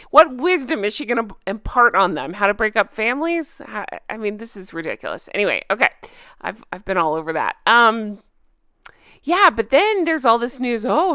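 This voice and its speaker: A woman's voice: a little high, a bit bright, smooth, no room sound, clean studio sound. A woman hosting a gossip commentary vlog, ranting with sarcastic emphasis. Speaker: channel host.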